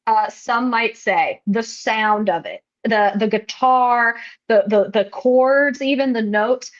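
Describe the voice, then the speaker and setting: A woman's voice: on the high side, slow, dull audio. A young woman co-hosting a podcast in casual chat, rambling and laughing at herself as she talks. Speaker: podcast co-host.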